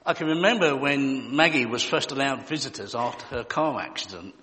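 A man preaches in a loose, conversational way and breaks in with jokes and asides. His voice is bright and forward. A long church-hall reverb hangs behind him. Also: mid-range voice, lively intonation, fairly quick, a little hiss or hum. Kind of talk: sermon.

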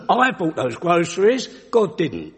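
A man voicing a mocking, angry atheist neighbour who shouts his taunts, with a long echoey reverb on the recording. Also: sits high, huge pitch swings, takes it slowly, slightly rough, voice pushed up, heavily acted. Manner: jeering, loud.

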